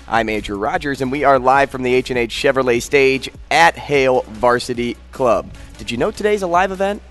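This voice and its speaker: A man's voice: medium pitch, lively intonation, moderate pace, hardly any pauses, a bit bright, soft background music. Upbeat male morning radio host. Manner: upbeat, storytelling, easy laughter. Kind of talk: casual morning radio banter.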